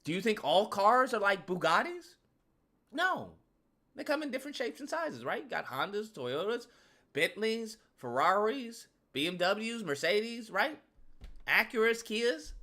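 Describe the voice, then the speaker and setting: Brief: animated male commentator, bright-toned, joking and slangy. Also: very high voice, unhurried. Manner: slangy, laughing, rhetorical questions. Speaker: YouTube commentator. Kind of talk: casual comedic commentary.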